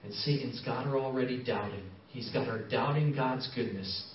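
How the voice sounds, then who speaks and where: A man giving an animated storytelling sermon as a missionary guest speaker, acting out dialogue as he goes. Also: medium pitch, normal speed, a little hiss or hum. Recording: echoey hall from far off, dull.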